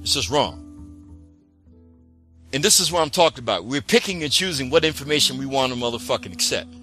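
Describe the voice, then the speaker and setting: A man's voice: medium pitch, animated, a little fast, bright, forceful tone, faint music behind. A man delivering a heated, profane political rant, full of sarcasm and mocking asides. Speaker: political commentator.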